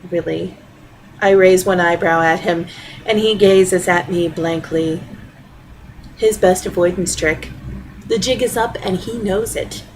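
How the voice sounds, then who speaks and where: A middle-aged woman reading her own personal essay aloud, with a wry, deadpan storytelling manner. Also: fairly low pitch, measured pace, pauses often, a little hiss or hum, poor audio.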